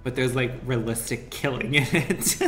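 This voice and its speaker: A man streams a game and chats with viewers in a giggly, profane, campy way, keeping it casual. His voice sits mid-range with a fairly bright tone at a normal speed. The room sounds roomy, with faint music behind him.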